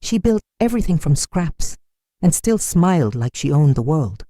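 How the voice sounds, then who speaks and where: A narrator voicing a calm, wise young CEO. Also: medium pitch, moderate pace, no room sound, clean studio sound, close to an everyday voice. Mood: gentle.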